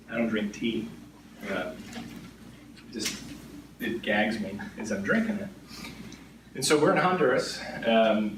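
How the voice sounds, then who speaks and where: A middle-aged man speaks at an event and tells stories to the crowd in a loose, chatty way, tagging many sentences with "right?". His voice sits at a mid pitch. It is picked up from a distance in a roomy hall, with steady background noise behind him. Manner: conversational, frequently adds "right?" tag questions. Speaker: insurance agent speaking as a guest. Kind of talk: storytelling talk to an audience. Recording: echoey room, distant mic, background noise.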